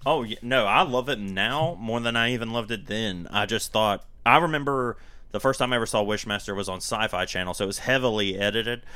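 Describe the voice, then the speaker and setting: A man's voice: fairly low pitch, brisk, clean tone, no room sound. A man recapping a horror movie in casual podcast chat, telling the story with energy and acting out lines in silly voices. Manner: animated storyteller, acts out quotes in silly voices, laughs often. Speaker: podcast co-host.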